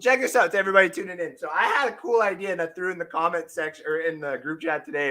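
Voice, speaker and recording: A man hosting a casual sports podcast, rambling and joking, breaking into shouted bits. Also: high voice, very fast, hardly any pauses. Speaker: podcast host.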